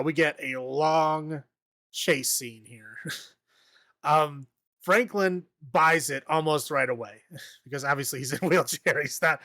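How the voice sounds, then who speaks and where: A man's voice: fairly high pitch, pushed and bright, dry recording, studio quality. A man casually recapping a horror movie on a podcast, rambling, laughing often and acting out the characters' lines. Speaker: podcast co-host.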